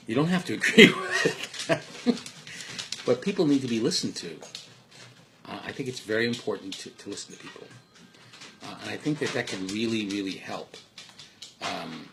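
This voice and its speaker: A man's voice: lowish voice, creaky, a bit bright, slight background noise. A man at home giving earnest parenting and life advice in a casual, rambling way, full of restarts. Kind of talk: casual spoken monologue. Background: dogs and household sounds faintly.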